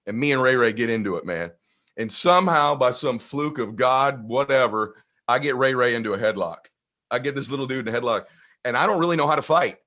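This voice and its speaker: Man, guest storyteller, energetic, casual, mid-pitched voice. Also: brisk. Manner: energetic, conversational, acts out voices. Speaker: guest speaker. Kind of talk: animated storytelling in conversation.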